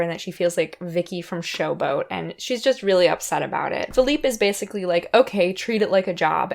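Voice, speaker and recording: A woman's voice: lowish voice, vocal fry. A young woman hosting a podcast, casually recapping a novel in a chatty, conversational way. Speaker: podcast host.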